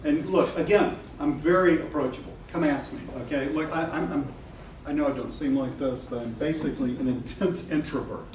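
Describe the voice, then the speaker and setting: A middle-aged man with a fairly high voice talks casually to a live audience, joking, swearing and laughing as he goes. He is picked up from a distance in an echoey room. Background noise runs under his voice. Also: brisk, darkish tone. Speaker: webinar presenter.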